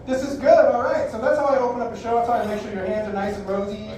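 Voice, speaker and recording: A man in his forties works a live bar crowd as a magician, his voice sitting high for a man. His patter is brash, theatrical and salty. The sound is heavily echoey, picked up from well off the mic with a faint hiss behind it. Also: fairly even intonation, fast, darkish tone, distant mic. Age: 40s. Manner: brash, profane, theatrical showman. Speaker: stage magician. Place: live bar venue stage.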